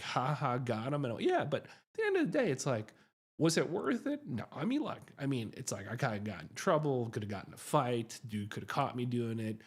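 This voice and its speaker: Male host, casual livestream storyteller, husky voice, pitch swinging widely, self-deprecating and chatty. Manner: animated, self-mocking, chatty with many tags like "right?". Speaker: psychiatrist hosting a livestream.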